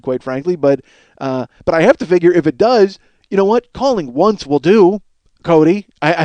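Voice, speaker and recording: A rambling, sarcastic man in his thirties from Los Angeles riffs through a profane comedy monologue. His voice sits high for a man, and the recording is close and dry. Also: a little mellow, no room sound. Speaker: podcast host.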